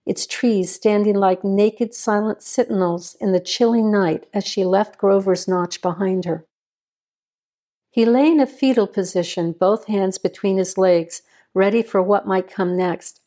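Mellow woman narrating a suspense story. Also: mid-range voice. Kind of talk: scripted audio drama narration.

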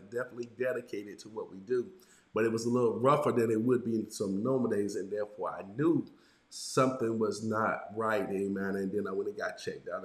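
A middle-aged man preaching to his church in a lowish voice, stuffed-up and a bit nasal, with a faint rasp. He tags his sentences with a steady "amen." The sound rings out in an echoey room. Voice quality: slightly raspy. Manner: punctuates lines with "amen". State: congested and nasal from illness. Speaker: pastor. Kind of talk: sermon.

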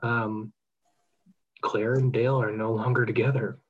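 A man's voice: mid-range voice, flat delivery, measured pace, slightly rough, lo-fi sound. A man from California co-hosting a casual podcast, talking in a mock-dramatic, theatrically emotional way. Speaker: podcast co-host.

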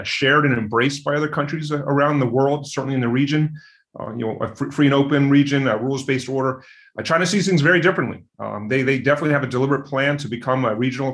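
A man answering questions as an interview guest, talking at a quick clip. He fills his answers with uhs and "you know," often repeating words as he restarts his sentences. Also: medium pitch, a bit bright. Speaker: interview guest, security expert.

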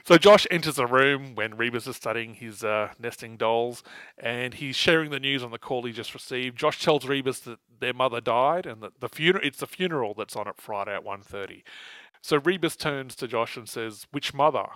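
A man's voice: mid-range voice, normal speed, a bit bright, no echo, low-quality recording. Male podcast host, casual and wry, laughs a lot, dry close sound. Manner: chatty, laughs often, wry asides. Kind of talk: casual chat recapping comics.

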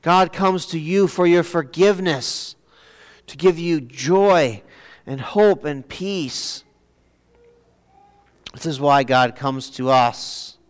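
A man preaching a sermon, pausing and repeating words as he searches for the next phrase. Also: fairly high pitch. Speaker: pastor. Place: church sanctuary. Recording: long church reverb.

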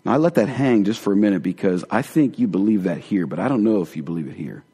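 Man preaching a sermon, chatty and earnest, gets quiet to make a point, big echoey church. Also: fairly low pitch, lively intonation, fast, slightly rough. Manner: conversational, earnest, drops to hushed tones for emphasis. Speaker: pastor. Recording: long hall reverb.

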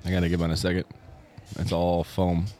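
A man's voice: sits low, completely flat delivery, fairly quick, dark tone. A man co-hosting a casual beer-tasting chat, jokey and slangy, swearing freely.

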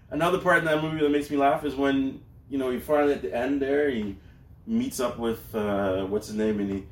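A man in his thirties co-hosting a casual chat, excitedly acting out movie lines in funny voices. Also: mid-range voice, moderate pace. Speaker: podcast co-host. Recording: echoey room.

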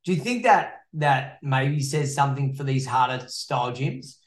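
A man's voice: mid-range voice, animated, normal speed. Agreeable swearing man. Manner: agreeable, swears a lot, many "yeah" backchannels. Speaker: podcast co-host, fight gym coach. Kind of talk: casual podcast chat. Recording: roomy echo.

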